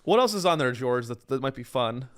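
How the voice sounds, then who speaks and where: Animated sarcastic man ranting. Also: mid-range voice, brisk, clear, resonant tone, no room sound. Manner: sarcastic, animated rants with self-interruptions. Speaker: comedy podcast host. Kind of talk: comedic monologue.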